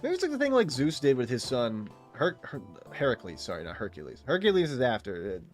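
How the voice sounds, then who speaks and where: A man's voice: mid-range voice, wildly swooping pitch, a little fast, soft background music. A man live-streaming a game, chatting casually with viewers in a rambling, self-interrupting way, laughing often and swearing freely. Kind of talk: casual chat with viewers while gaming.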